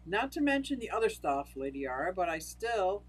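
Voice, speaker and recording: With a lowish, sing-song voice and a fairly quick pace, an older livestream host chats casually through comments. She laughs frequently and answers viewers by name, captured on a low-quality recording.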